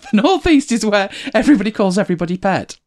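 Host, casual chat to viewers, animated pitch, chatty and self-correcting. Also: normal speed. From United Kingdom. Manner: chatty, rambling, self-correcting, laughs often. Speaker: livestream host.

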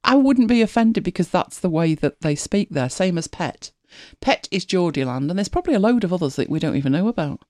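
A woman's voice: fairly low pitch, expressive, a little fast, few pauses, a little mellow, dry recording, studio quality. A middle-aged woman chatting casually as a podcast co-host, laughing often and telling stories with animation. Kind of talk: casual chat.

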